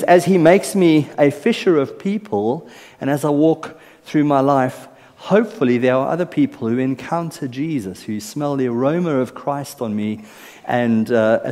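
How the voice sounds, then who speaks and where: A man's voice: mid-range voice, darkish tone. A South African-born man preaching a sermon from a church stage into a microphone, chatty and teasing, checking in with the congregation. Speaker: pastor. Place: church stage with long reverb. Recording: live church hall reverb.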